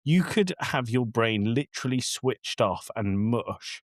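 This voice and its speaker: A man co-hosts a podcast, chatting casually about a film, his medium-pitched voice animated at a measured pace. He rants in an exasperated way and acts out lines from the movie. The recording is dry and studio quality.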